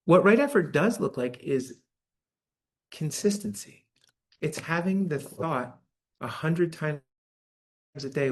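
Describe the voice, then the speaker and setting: A man's voice: on the high side, animated, takes it slowly, long pauses. Conversational male meditation teacher. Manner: conversational, often checks in with "right?". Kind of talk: dharma talk to a live audience. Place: church hall.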